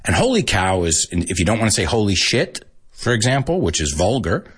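An American man hosting a casual podcast language lesson, animated and chuckling often as he switches between English and Spanish. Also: on the low side, normal speed, slightly rough. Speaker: language teacher and podcast host.

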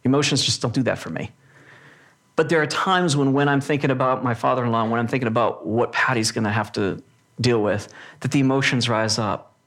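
A man's voice: medium pitch, brisk, a bit bright. A man preaching a sermon to a live audience, earnest and emphatic, often restarting his sentences. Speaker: pastor. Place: church or hall with a live audience.

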